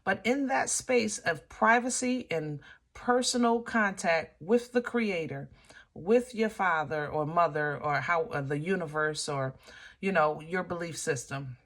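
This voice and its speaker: Bright-voiced woman giving a preachy tarot reading. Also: on the low side, measured pace. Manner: preachy and testifying, checks in with "okay?" and "you understand?"; playful asides and laughter between serious points. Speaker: tarot reader. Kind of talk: casual spoken tarot reading.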